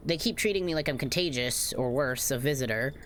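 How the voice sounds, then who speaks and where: A woman's voice: very deep voice, brisk, slight background noise, pitched below the performer's own voice. A woman voicing a wary man with bad skin, defensively asking to be let in.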